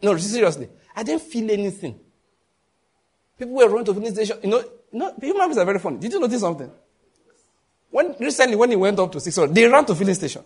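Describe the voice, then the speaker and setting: A man with a Nigerian accent preaching a sermon as pastor, telling lively stories with quick asides and bursts of laughter. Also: sits high, breathy edge.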